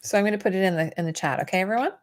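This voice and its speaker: A woman's voice: mid-range voice, rapid-fire. A woman co-hosting a casual livestream chat, talking in a chatty way and often trailing off mid-thought. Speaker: co-host.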